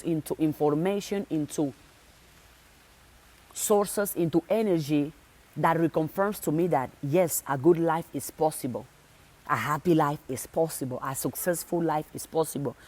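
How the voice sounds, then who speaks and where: A woman's voice: low-pitched, normal speed, a little mellow. A woman motivational speaker talking to her viewers, insistent and direct, driving points home by repeating phrases over and over. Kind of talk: motivational talk.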